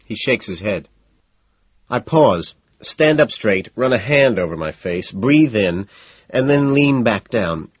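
A man narrating a first-person audiobook in a dry, deadpan way. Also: sits low, brisk, husky, no room sound. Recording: dull, dry lo-fi recording.

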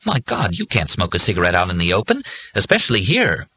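Man doing a worried weary working man, a little higher than his own voice, pleading, audiobook. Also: lively intonation, brisk, a bit bright. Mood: agitated. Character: anxious out-of-work man, weary and afraid.

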